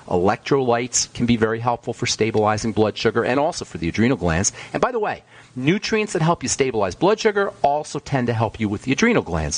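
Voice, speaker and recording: A man hosting a call-in health radio show as a pharmacist, lecturing callers in an emphatic, sometimes ranting way. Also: medium pitch.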